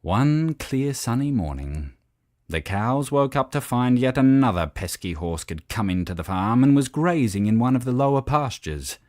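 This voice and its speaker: A man narrating a children's story in an expressive, playful reading style. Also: medium pitch, moderate pace, no echo, studio quality.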